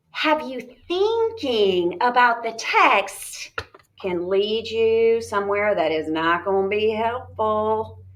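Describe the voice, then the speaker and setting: A woman teacher talking students through a reading lesson, chatty and animated, modeling her thoughts aloud. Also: medium pitch. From United States.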